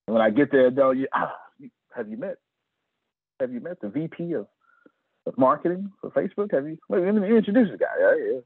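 A middle-aged man giving an animated business pep talk to his team, acting out conversations in shifting voices. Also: a little high, quick pace, husky, dry recording, narrow, tinny audio.

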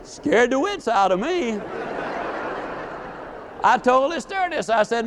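A man's voice: extremely high pitch, big pitch swings, a little fast, a bit bright, slight background noise. A man giving a live motivational speech, telling folksy stories and putting questions to his audience. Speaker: motivational speaker.

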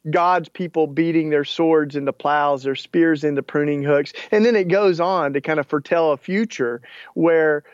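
A man's voice: fairly high pitch, moderate pace, dry recording. Earnest man in a dull lo-fi clip. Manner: earnest, many restarts and fillers. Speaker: author and activist guest. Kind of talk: interview clip, casual explaining.

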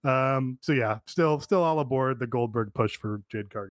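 A man in casual podcast chat who gets excited, swears, and acts out bits. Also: mid-range voice, normal speed, no room sound, studio quality. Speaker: podcast co-host.

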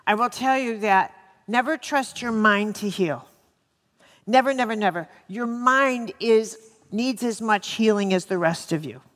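A woman's voice: fairly high pitch, measured pace, a bit bright. A woman giving a live talk on healing to an audience, joking with them and repeating words for emphasis. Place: lecture hall with an audience. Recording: long reverb of a lecture hall.

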